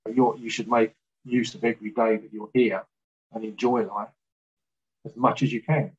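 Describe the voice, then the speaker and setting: A man recounting an experience as a guest, talking haltingly with fillers and restarts. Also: on the low side, little pitch movement, husky, highs cut off. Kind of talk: casual storytelling in an interview.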